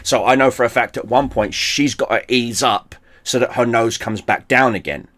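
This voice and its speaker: A man hosting a stream, telling a story in casual chat. He swears a lot, gets animated and often restarts his sentences. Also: medium pitch, moderate pace. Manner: profane, animated, with frequent restarts. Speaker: streamer host.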